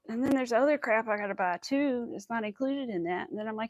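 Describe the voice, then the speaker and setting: A woman's voice: fairly high pitch, fast, hardly any pauses, no room sound, muffled recording. A young woman hosting a crochet livestream, chatting casually and rambling through stories with quoted asides. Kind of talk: casual chat while crocheting.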